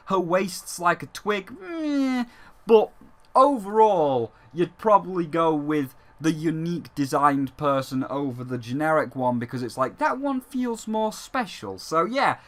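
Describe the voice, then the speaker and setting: A man's voice: fairly high pitch, expressive, measured pace, fairly bright tone. A man hosting a gaming vlog, rambling and joking, swearing freely and talking as a dragon persona. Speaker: gaming channel host. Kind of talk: casual gaming vlog commentary.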